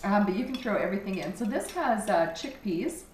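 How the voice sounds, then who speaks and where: A woman's voice: medium pitch, expressive, brisk, a little mellow, slight background noise. Practical woman listing curry ingredients. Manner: practical, lists ingredients with fillers. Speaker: guest cook. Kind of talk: casual chat. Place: kitchen. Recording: echoey kitchen from a distant mic.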